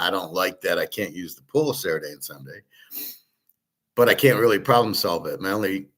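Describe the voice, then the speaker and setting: Deep-voiced and a bit bright, this middle-aged host wanders through a casual monologue on his own show. He restarts often and leans on filler words as he digresses.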